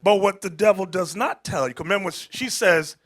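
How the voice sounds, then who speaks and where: A man teaching a Bible class, preaching emphatically, calling out to the room and rising to shouts, with casual street-style asides. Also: sits high, brisk. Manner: animated and emphatic, calls out to the room, rises to shouting.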